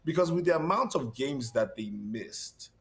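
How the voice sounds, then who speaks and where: A man casting an esports league broadcast, energetic and upbeat, reading out standings and laughing easily between lines. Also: mid-range voice, moderate pace. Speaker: esports caster.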